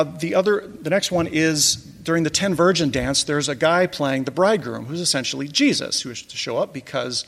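A man with a gravelly, slightly high voice tells wry stories about a pageant, breaking into chuckling asides. His voice rings with a long reverb, as if in a large hall. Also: fairly bright tone. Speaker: presenter recounting a church pageant. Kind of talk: casual talk over slides.

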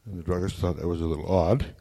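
Storytelling speaker from Wyoming, folksy and humorous, low warm voice. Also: male voice, steady tone, fast talker. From Wyoming, United States. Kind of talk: storytelling talk to an audience.

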